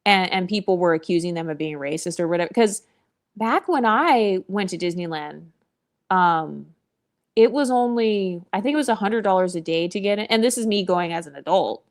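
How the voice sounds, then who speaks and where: A woman's voice: fairly low pitch, animated, moderate pace. A woman vlogger giving blunt, opinionated commentary, sassy and profane, with mocking asides.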